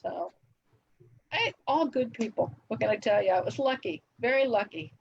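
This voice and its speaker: An older woman, a television writer, telling relaxed anecdotes as an interview guest, laughing often between fillers. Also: medium pitch, normal speed, creaky, highs cut off, a little hiss or hum. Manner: reminiscing, frequent laughs and fillers.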